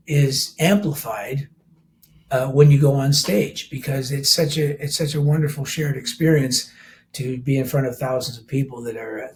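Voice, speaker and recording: A man's voice: mid-range voice, a little mellow, a little hiss or hum. An older man, a rock musician, talking casually as a podcast guest, rambling with frequent restarts and laughing easily. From Canada. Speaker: rock band vocalist and keyboardist, guest. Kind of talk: casual interview talk.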